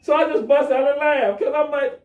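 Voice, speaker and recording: A man's voice: very high-pitched, steady tone, a little fast, phone-quality sound. A man animatedly retelling a traffic stop, acting out the dialogue, as a guest on a talk show. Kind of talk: animated storytelling. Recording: echoey room, mic at a distance.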